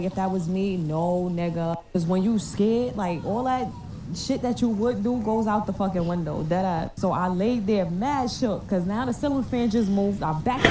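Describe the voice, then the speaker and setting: A woman casually telling a story to camera in a profane, slangy, animated way, recorded on a distant phone mic. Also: medium pitch, background noise.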